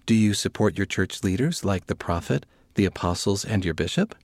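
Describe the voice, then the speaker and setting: A man giving a steady, reassuring scripted reading of a magazine answer column. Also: deep voice, moderate pace, dry recording, clean studio sound.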